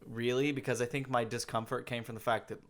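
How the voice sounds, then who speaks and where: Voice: medium pitch, little pitch movement, fast, a bit bright. A podcast co-host in casual chat, wry and swearing offhandedly.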